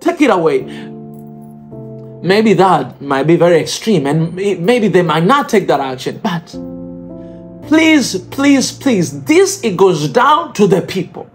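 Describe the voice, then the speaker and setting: A man's voice: high-pitched, big pitch swings, measured pace, faint music behind. A man with an East African accent making an impassioned, pleading appeal to his viewers, repeating his phrases for emphasis. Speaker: video blogger addressing viewers. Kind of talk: impassioned direct-to-camera appeal.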